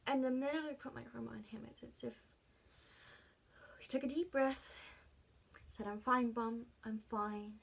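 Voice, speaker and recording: A woman with a fairly high pitch and fairly even intonation narrates her own story for her vlog, unscripted. She halts and grows emotional, often sinking to a soft, breathy voice between pauses.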